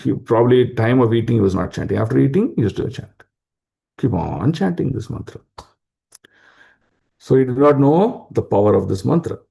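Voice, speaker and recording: Man, informal scripture talk, husky and dark-toned. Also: mid-range voice, lively intonation, normal speed, long pauses. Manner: explanatory, asks rhetorical questions, many fillers. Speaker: spiritual class speaker.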